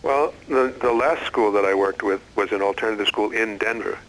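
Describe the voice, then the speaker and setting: A middle-aged man, an experienced educator, answering interview questions in an earnest, measured way with frequent restarts. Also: on the low side, fairly bright tone, poor audio. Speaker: educator and former school head.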